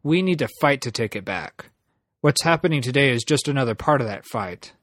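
A man's voice: medium pitch, expressive, brisk, dry recording, studio quality, lightly acted. A man reading a story aloud, voicing a smug, fanatical male revolutionary who talks in a mocking, condescending way.

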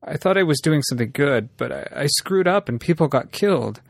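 A man reading a story aloud, voicing a guilt-ridden young man who talks in a hurried, pleading way. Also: a little high, expressive, vocal fry, no room sound, soft background music. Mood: remorseful.

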